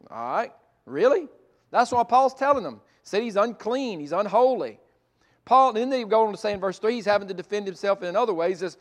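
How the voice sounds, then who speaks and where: Preacher man, loud then hushed. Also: high voice, lively intonation, brisk. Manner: preaches with big swings between loud emphatic lines and hushed gentle passages. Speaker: pastor. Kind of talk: sermon.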